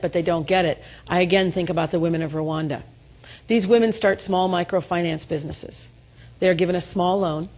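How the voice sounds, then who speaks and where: Woman giving a lively motivational talk. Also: fairly low pitch. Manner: storytelling, self-deprecating humor, rousing call-and-response. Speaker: keynote speaker. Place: event room before an audience.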